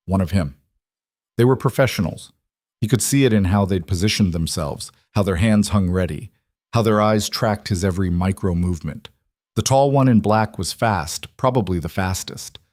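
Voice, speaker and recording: A man narrating a western story in a measured, grave storytelling manner. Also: lowish voice, darkish tone, no echo, studio quality.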